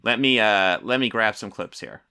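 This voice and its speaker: Sarcastic, bright-voiced male commentator. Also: lowish voice, moderate pace, clean tone. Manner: sarcastic, mocking, playful. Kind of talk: casual reaction commentary.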